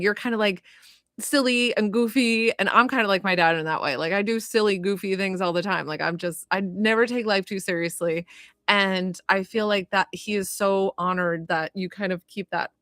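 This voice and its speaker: A woman giving a live spirit reading as a medium, chatty and filled with "like" and "you know", gentle and consoling as she passes on messages. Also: medium pitch, normal speed, no room sound. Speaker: psychic medium.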